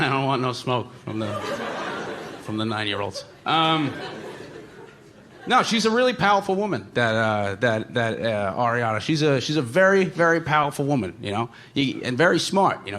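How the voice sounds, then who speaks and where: A man doing a stand-up comedy set on a live stage, rambling and self-deprecating, with many fillers and sudden shouted bits. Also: medium pitch, very animated, moderate pace. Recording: noisy live stage recording.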